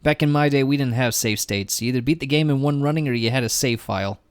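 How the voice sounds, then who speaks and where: A man's voice: mid-range voice, fast talker, clear, resonant tone, dry recording, studio quality. A man streaming a game, giving casual, rambling commentary full of jokes and swearing. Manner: joking, profane, rambling.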